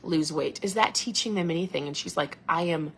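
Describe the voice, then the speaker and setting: A woman chats on a casual livestream with a bright, forward voice. She talks in an animated, friendly way and answers viewer comments as they come in. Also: low-pitched, a little fast, a little hiss or hum. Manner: chatty and animated, reads viewer comments aloud. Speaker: keto coach and livestream host.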